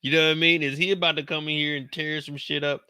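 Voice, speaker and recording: Male recap host, unhurried, slangy storyteller, crisp edge, no room sound. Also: fairly high pitch, no echo. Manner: slangy, animated, quotes characters in put-on voices; talks slower than in his live streams.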